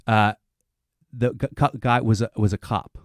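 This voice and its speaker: A man telling a long comic story on a panel show, animated and swearing, acting out other people's lines. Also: on the low side, normal speed, dry recording, studio quality.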